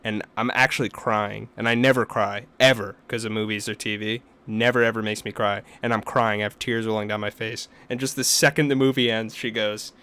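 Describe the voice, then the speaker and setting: A man's voice: fairly low pitch, fairly quick, hardly any pauses, smooth. A young man co-hosting a podcast, telling stories and ranting with lots of swearing in casual chat. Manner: profane, animated storytelling with rants. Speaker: podcast co-host.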